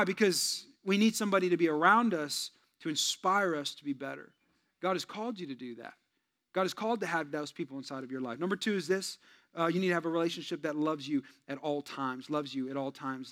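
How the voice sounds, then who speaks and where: A male pastor preaching a sermon, swinging from loud urging to quiet joking asides with the congregation. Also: a little high.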